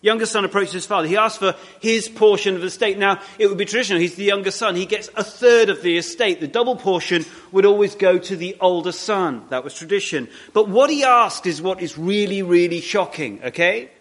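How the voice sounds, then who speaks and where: A man with a high-pitched voice preaches a sermon to his congregation. He talks conversationally, often restarting his sentences and throwing in asides. On his key points he slows right down and leans on the words. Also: fairly bright tone. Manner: emphatic, slowing down on key points.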